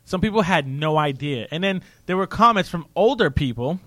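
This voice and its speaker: A man in casual political chat, animated and ranting, often mocking other people's voices. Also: a little high, normal speed, no room sound.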